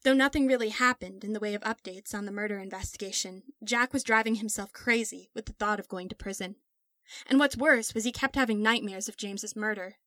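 A woman narrating a dark story in a measured, dramatic storytelling manner. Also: mid-range voice, dry recording. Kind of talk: scripted narration.

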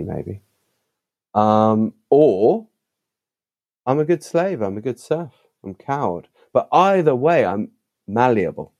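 A man who is a podcast guest and author, telling stories in an animated, emphatic conversational way. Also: low-pitched, gravelly. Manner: animated, emphatic, with vivid asides. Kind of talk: conversational storytelling.

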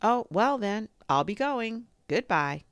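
A woman voicing a simple, cheerful male teddy bear who loves honey, speaking slowly and earnestly and humming in a sing-song way. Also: mid-range voice, very animated, clean tone, dry recording, studio quality, voice pushed up. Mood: eager.

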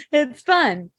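A woman's voice: extremely high pitch, a bit bright, no room sound. A middle-aged woman hosting a casual spiritual chat, reading viewer comments aloud, laughing often and swearing freely.

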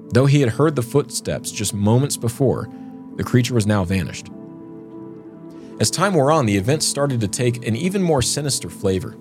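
A man co-hosting a podcast, reading a scripted eerie story and then chatting and joking with his co-host. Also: mid-range voice. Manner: dramatic storytelling, joking banter. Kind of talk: scripted narration then casual chat.

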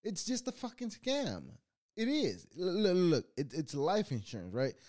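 Profane ranting man with lively pitch. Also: normal speed. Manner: profane, rambling, animated swings in loudness. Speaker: channel host. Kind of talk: casual ranting monologue.

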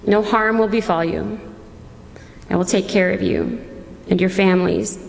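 A woman pastor voicing a powerful man who gently reassures his brothers, within a sermon. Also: medium pitch, steady tone, a little slow, vocal fry, pitched below the performer's own voice. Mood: reassuring. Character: forgiving grown man, powerful ruler. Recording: long church reverb.

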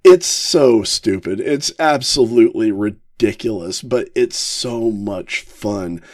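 A man hosting a casual podcast, ranking favorite episodes with frequent chuckles and halting fillers. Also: lowish voice, lively intonation, dry recording, studio quality. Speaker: podcast host.

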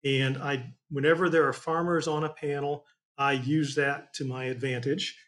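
A man's voice: medium pitch, level tone, moderate pace, fairly bright tone. A man from Indiana, a trial attorney telling a folksy courtroom story in a casual chat, rambling with many fillers.

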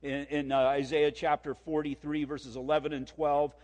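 A man's voice: on the high side, little pitch movement, darkish tone. Emphatic preacher man in a reverberant hall. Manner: emphatic, repeats key points, reads scripture slowly. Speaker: pastor. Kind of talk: sermon.

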